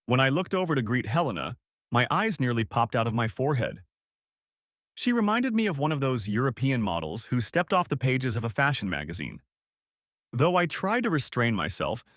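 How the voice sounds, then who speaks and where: A man narrates a first-person audiobook story with a measured, expressive delivery. His voice sits at a middle pitch but moves lively through each sentence, recorded dry and close to the mic. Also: no room sound.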